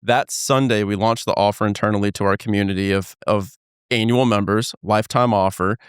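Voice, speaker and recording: A man hosting a podcast interview, telling a business story in an animated, casual way and swearing now and then. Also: on the low side, brisk, smooth, dry recording, clean studio sound. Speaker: podcast host. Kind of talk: conversational storytelling.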